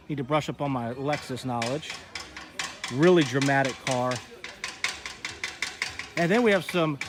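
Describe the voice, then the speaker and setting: Over a noisy background, a mid-range male voice hosts a relaxed walkaround of an outdoor car show. The Texan is enthusiastic and talkative, speaking straight to his audience.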